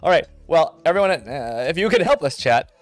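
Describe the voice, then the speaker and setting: A man's voice: fairly high pitch, very animated, brisk, faint music behind. A man hosting a live improv tabletop game stream, upbeat and laughing often as he gathers suggestions. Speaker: host running audience suggestions. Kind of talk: casual chat on a live stream.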